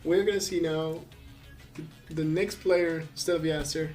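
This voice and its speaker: Calling a live card game in English, this French esports caster, a native French speaker, keeps a steady, somewhat dark tone at a measured pace, his voice fairly high for a man. He's chatty and quick to laugh, rambling loosely with many fillers and restarts in casual commentary, while faint music plays underneath.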